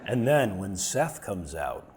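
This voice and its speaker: A man putting on a mock-sultry deep bass voice. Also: sing-song, slow, darkish tone, heavily acted. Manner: exaggerated, teasing, comic. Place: live stage before an audience.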